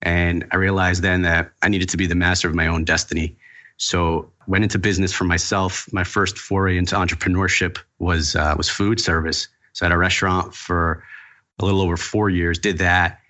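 A man with a cold, a guest on a podcast, telling his story in a matter-of-fact, steady way. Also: low voice, a little fast. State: fighting a cold. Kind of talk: casual interview answers.

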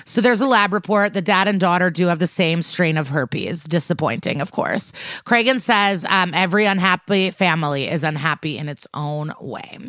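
A woman's voice: lowish voice, lively intonation, a bit bright, dry recording, studio quality. A woman co-hosting a podcast, casually retelling a TV episode and tossing off the characters' lines as she goes. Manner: brisk retelling, acts out quotes in passing. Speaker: podcast co-host recapping a TV episode. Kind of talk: casual chat recap.

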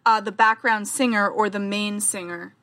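A woman's voice: medium pitch, steady tone, normal speed, a bit bright. A woman from Canada co-hosting a podcast, playful and teasing in casual chat. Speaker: podcast co-host.

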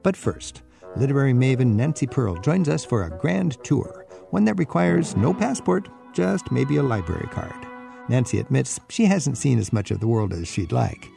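A male radio travel host with a gravelly edge to his voice talks with a lot of movement in his pitch. He moves easily between chatting with a guest and introducing what comes next. Faint music sits underneath. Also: normal speed. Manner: lively, conversational presenter. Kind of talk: radio interview and show narration.

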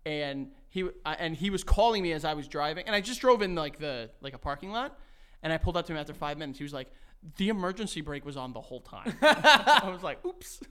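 A man from Colombia trades quick jokes as a podcast co-host, his fairly high voice bright and bouncing all over. He laughs a lot and swears casually. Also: sing-song, clean tone. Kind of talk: casual banter.

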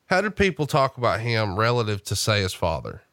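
A man's voice: on the low side, sing-song, fairly quick, a bit bright, no echo, studio quality. A man hosting a podcast, telling stories in a casual, chatty way and prompting his guest. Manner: chatty storyteller who reads out quotes. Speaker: host.

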